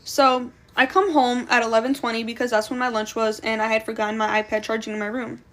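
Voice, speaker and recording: Higher-voiced woman telling a blunt storytime. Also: level tone, fast talker, a bit bright. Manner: blunt, slangy, swears freely. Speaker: storytime creator. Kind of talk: casual storytime monologue.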